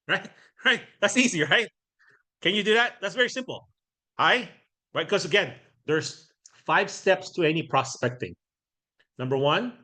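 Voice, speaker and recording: Bright-voiced man teaching a workshop. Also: a little high. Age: middle-aged. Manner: conversational, keeps checking in with "right?"; acts out sample doorstep lines. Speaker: real estate trainer.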